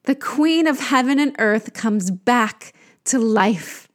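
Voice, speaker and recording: Slow, high-voiced woman telling a myth. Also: animated. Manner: slow, deliberate reading. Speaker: storyteller. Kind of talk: scripted myth narration.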